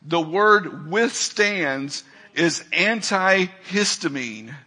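High, husky-voiced preaching man. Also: animated, drawn-out words. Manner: emphatic preaching, swings from loud calls to quiet asides. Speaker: pastor. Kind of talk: sermon.

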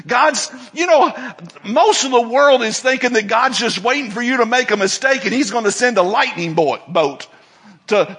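Male preacher, husky and bright, dynamic sermon delivery with big swings in volume. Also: sits high. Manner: dynamic preacher, swinging from soft asides to loud emphatic declarations. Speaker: pastor.

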